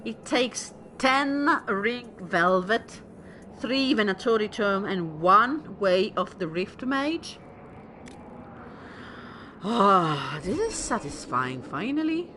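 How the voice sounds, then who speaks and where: A woman casually commentating her game stream, chatty and excitable, sounding tired. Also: medium pitch, slow, a little hiss or hum. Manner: chatty, excitable, swears and laughs. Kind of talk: casual let's-play commentary.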